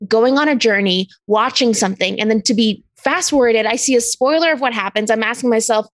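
A woman's voice: on the high side, a little fast, no echo. A woman co-hosting a podcast in casual chat, laughing often and acting out what others said. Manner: laughs often, acts out quotes. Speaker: podcast co-host.

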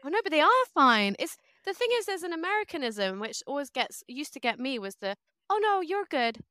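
A British woman chatting as a podcast guest, animated and self-deprecating. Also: high-pitched, fairly quick, dry recording, clean studio sound. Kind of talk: casual chat.

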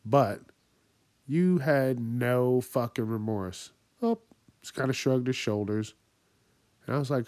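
A man's voice: medium pitch, expressive, unhurried, pauses often, darkish tone, no room sound. Profane ranting man, dry sound. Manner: angry, swears constantly, acts out other people in raised voices. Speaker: podcast host.

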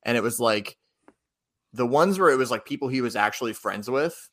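Bright-voiced chatty young man. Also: mid-range voice, lively intonation, normal speed. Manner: rambling, chatty, lots of fillers. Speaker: podcast host. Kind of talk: casual podcast chat.

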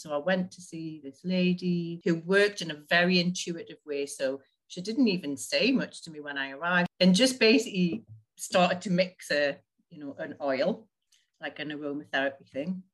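A woman telling her personal story in an interview, chatty, with frequent laughs and many fillers. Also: low voice. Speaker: interview guest.

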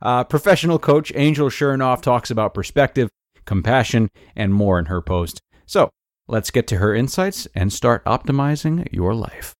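A man hosting a podcast, calmly narrating a blog post in a measured way. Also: mid-range voice, no room sound, clean studio sound. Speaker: host.

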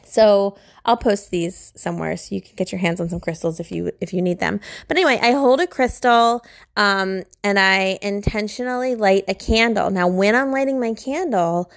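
A woman's voice: medium pitch, moderate pace, vocal fry, no room sound, studio quality. Chatty woman teaching on a podcast. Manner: chatty, informal, with fillers and laughs. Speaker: podcast host and spiritual teacher.

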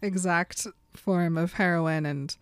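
A woman's voice: fairly low pitch, fairly even intonation, slow, clear, resonant tone, dry recording. A woman on a podcast, casually retelling a book chapter with dry mock quotes. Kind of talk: casual chat, comic book recap.

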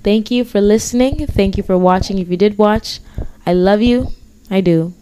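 A woman's voice: medium pitch, normal speed, dark tone, a little hiss or hum. A woman hosting a podcast, chatting casually in an easygoing, affectionate way and laughing often. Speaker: podcast host.

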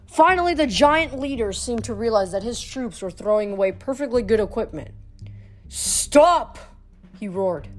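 Woman reading a fantasy novel aloud. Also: mid-range voice. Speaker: audiobook reader. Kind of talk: storybook reading.

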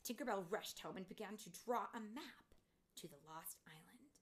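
Hushed woman reading a storybook aloud. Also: medium pitch, expressive, normal speed. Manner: hushed, often whispered storytelling. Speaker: mother reading to her child.

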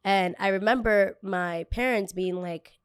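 A woman's voice: medium pitch, a little slow, smooth, no room sound, studio quality. A young woman content creator candidly telling a personal story, emotional and full of casual fillers.

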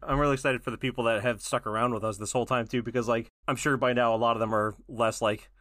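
A man's voice: medium pitch, fairly even intonation, fast talker, fairly bright tone, no echo, studio quality. A man co-hosting a casual chat, playful and laughing often. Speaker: podcast co-host.

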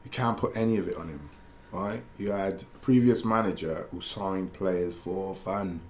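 A low-pitched male voice at a moderate pace belongs to a former footballer telling meandering stories in casual chat, laughing and fixing his own words as he goes. The audio has a roomy echo and faint background noise.

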